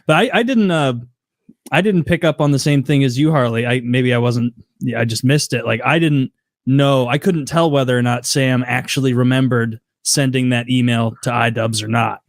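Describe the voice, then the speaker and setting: A man hosting a casual podcast conversation. He talks in a relaxed, rambling way and hedges his points. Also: mid-range voice, moderate pace, no echo, studio quality. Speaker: podcast host. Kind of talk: casual chat.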